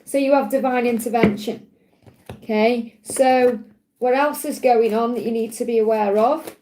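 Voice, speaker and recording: Gentle Stoke-accented woman reading cards. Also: fairly high pitch, steady tone, normal speed, a little hiss or hum, low-quality recording. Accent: Stoke-on-Trent English. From England. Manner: gentle, reassuring, chatty with frequent restarts. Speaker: tarot and angel card reader. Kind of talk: live-stream card reading.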